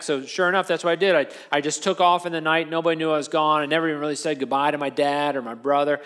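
A man with a somewhat high voice tells a first-person dramatic monologue as a sermon. He talks in a loose, conversational way and keeps checking in with the listener. His lines are full of restarts. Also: fairly even intonation, quick pace, few pauses, a bit bright, smooth. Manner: conversational storytelling with tag questions and restarts.

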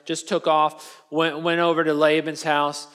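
A man with a somewhat high voice tells a first-person dramatic monologue as a sermon. He talks in a loose, conversational way and keeps checking in with the listener. His lines are full of restarts. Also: level tone, measured pace, a bit bright, clean tone. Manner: conversational storytelling with tag questions and restarts.

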